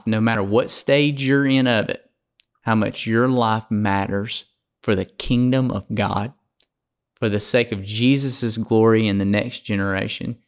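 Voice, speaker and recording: A man from Alabama with a Southern accent, preaching as a podcast guest in a fervent, folksy way. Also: on the low side.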